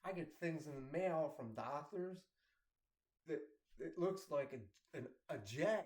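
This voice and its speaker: A man's voice: fairly high pitch, animated, slow pace, darkish tone. A man telling rambling personal stories in a casual way, often repeating words and laughing as he talks. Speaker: storyteller. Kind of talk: casual storytelling. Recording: roomy echo.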